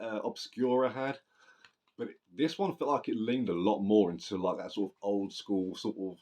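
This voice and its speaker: A man's voice: fairly low pitch, a little mellow. A man casually reviewing a death metal album, rambling and swearing, often correcting himself mid-sentence.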